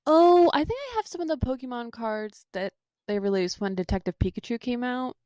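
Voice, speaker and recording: A woman co-hosting a casual podcast, chatting in a relaxed way and asking curious questions. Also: on the high side, fairly quick, clear, resonant tone, no echo, clean studio sound. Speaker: podcast co-host.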